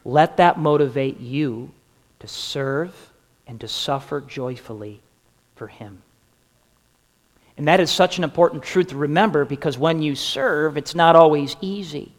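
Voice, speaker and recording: A man delivers a sermon with slow, deliberate pacing and a slightly raised pitch. He presses the congregation with rhetorical questions and lets key phrases sink to a hush. His voice carries a long reverberant tail from the sanctuary. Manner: earnest preaching with rhetorical questions, dropping soft at phrase ends. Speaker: pastor. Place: church sanctuary.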